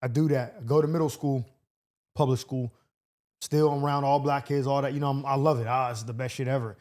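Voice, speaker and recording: A man hosting a casual podcast chat, talking loosely with loud reactions and lots of fillers. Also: medium pitch, steady tone, a little fast. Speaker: host.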